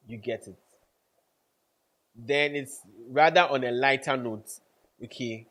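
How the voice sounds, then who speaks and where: A man's voice: medium pitch, a little slow, long pauses, a bit bright. A man giving networking advice to camera, emphatic, repeating key points and checking in with his listeners. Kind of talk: casual instructional talk to camera.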